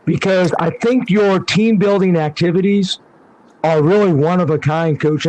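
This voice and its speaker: Male podcast host, slightly high voice, encouraging and chatty. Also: darkish tone, low-quality recording. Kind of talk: casual interview.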